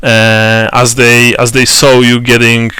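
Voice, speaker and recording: Halting, bright-voiced male game master. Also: medium pitch, completely flat delivery, clear, resonant tone, dry recording. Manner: slow, halting, many fillers and restarts. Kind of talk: narrating a tabletop role-playing game.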